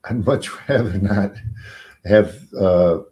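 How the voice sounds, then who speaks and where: Deep-voiced man answering in measured halting speech. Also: mellow. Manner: measured and halting, with many fillers. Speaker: guest defense attorney. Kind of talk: interview answers.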